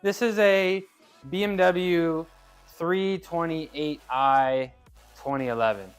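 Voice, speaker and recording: A man's voice: on the high side, slow pace, clean tone, faint music behind. A man chatting casually with his live-stream viewers as he trains, laughing easily and often restarting his phrases. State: working out. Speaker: streamer reading chat.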